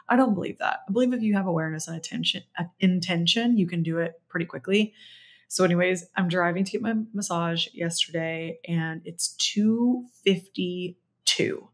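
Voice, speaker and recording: Chatty woman podcast host, low voice. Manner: chatty, animated retelling with quoted dialogue. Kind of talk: casual solo podcast storytelling.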